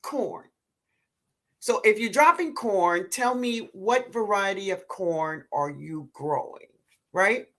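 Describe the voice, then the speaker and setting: A woman with a New Orleans accent hosting a live gardening show, reading viewer comments aloud in a relaxed way and calling people baby. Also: medium pitch, slow pace. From Louisiana, US. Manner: calls viewers baby, laughs often. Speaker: gardening livestream host.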